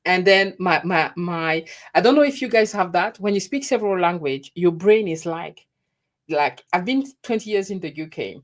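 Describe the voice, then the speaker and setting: A woman's voice: fairly low pitch, expressive, moderate pace. A middle-aged woman, chatting casually and laughing at herself on her live stream. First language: French. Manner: chatty, laughing, self-deprecating. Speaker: YouTube host.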